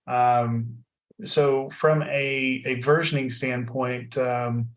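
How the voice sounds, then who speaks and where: A man's voice: medium pitch, fairly even intonation. Friendly podcast host man. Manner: friendly, halting, many fillers. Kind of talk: casual podcast chat.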